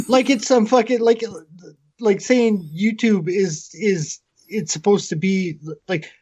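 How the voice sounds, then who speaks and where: A man's voice: high-pitched, slow, husky. A Canadian man co-hosting a podcast, ranting in casual, profanity-heavy chat. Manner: animated, swears constantly. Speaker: podcast co-host. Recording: slightly muffled lo-fi audio.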